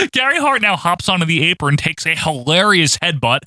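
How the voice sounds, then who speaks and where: A man's voice: high voice, big pitch swings, normal speed, bright, forceful tone, dry recording, clean studio sound. A man co-hosting a casual chat, narrating a wrestling match, laughing often and slipping into silly impressions. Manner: laughs often, mimics people in goofy voices. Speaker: podcast co-host.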